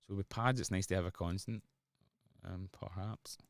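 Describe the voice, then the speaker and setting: A man's voice: low-pitched, steady tone, normal speed, gravelly, no echo. A man with a Glasgow-area Scottish accent, chatting casually and joking with viewers while producing music on a livestream. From Scotland. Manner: joking banter with chat, rambling.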